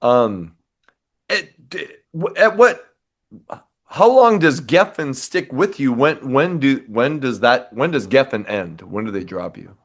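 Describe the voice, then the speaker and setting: A man hosting an interview, asking halting questions with restarts and giving short replies. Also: mid-range voice, big pitch swings. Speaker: podcast host, interviewer.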